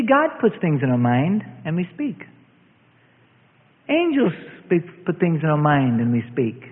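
High, animated preacher man in echoey hall. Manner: dramatic preaching, swings between loud and hushed. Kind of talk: sermon. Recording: tinny lo-fi sound in a reverberant hall.

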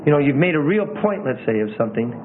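An earnest man coaching preachers on delivery, his fairly high voice stressing words and pausing for effect. The sound is thin and tinny, like it's coming over a phone line. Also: very animated, background noise. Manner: earnest, demonstrates emphasis and pauses with his own voice. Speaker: preaching instructor. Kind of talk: teaching talk on preaching.

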